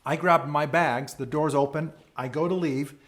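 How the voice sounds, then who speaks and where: A man's voice: a little high, fairly even intonation, moderate pace, fairly bright tone. Earnest male leadership speaker. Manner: earnest, dramatic storyteller. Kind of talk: motivational storytelling.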